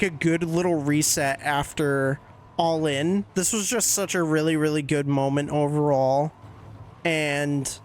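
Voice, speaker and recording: A young man casually recapping wrestling shows as a podcast host, excitable and swearing freely, jumping into quick voices when he quotes people. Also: fairly high pitch.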